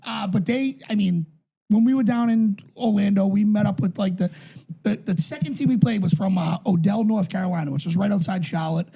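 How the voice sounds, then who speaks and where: A man's voice: sits high, fairly quick, mellow, breathy edge. A middle-aged man from New England, co-hosting a podcast in profane, joking banter. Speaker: podcast co-host. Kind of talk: casual chat.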